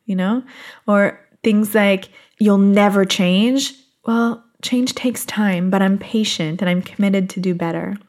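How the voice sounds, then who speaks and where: Gentle encouraging woman speaker. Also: medium pitch, steady tone, unhurried. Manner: gentle, encouraging, laughs often. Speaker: self-help speaker. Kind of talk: motivational talk to viewers.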